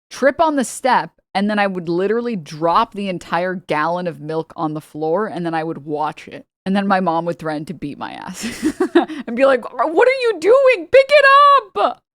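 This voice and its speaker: A woman's voice: on the low side, dry recording, studio quality. A woman streamer in a casual reaction stream, ranting heatedly with a lot of swearing and talking straight to her chat. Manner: heated, profane, exasperated ranting.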